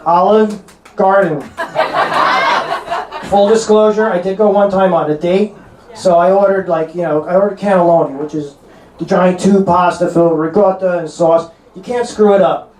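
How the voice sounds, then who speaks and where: Stand-up comic, male, 30s, North Jersey accent, pitched high, brash and crude, in a roomy club. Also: fairly even intonation, a little mellow. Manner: brash, crude punchlines with quick asides. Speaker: stand-up comedian. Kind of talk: stand-up comedy set. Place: comedy club stage. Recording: roomy club with laughing crowd. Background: audience laughter.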